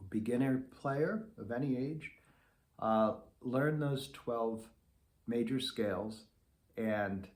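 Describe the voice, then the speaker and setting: A man's voice: mid-range voice, a little mellow. A middle-aged man giving a patient beginner trombone lesson, sounding out articulation syllables. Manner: patient, demonstrates syllables aloud. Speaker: trombone teacher. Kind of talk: instructional lesson.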